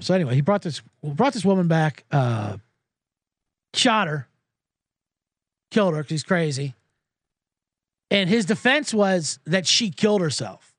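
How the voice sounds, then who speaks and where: A man's voice: a little high, very animated, normal speed, pauses often, dry recording, studio quality. A male podcast host telling a profane, sarcastic comedic story and acting out the people in it. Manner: profane, sarcastic, acts out quoted voices.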